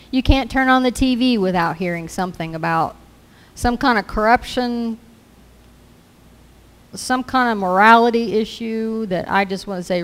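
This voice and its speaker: A woman preaching a sermon in an earnest way, repeating scripture lines as declarations. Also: medium pitch.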